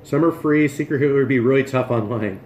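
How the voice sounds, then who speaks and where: A man's voice: medium pitch, fast, a little mellow, reverberant, slight background noise. A man hosting a casual cooking livestream from his home kitchen, chatting and joking as he moves around and eats. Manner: chatty, jokey, talks while moving and chewing.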